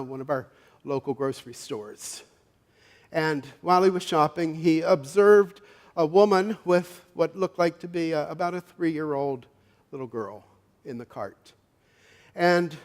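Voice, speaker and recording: Middle-aged pastor in a reverberant church. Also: male voice, on the high side. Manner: folksy, halting, with many restarts. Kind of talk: sermon with storytelling. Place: church sanctuary.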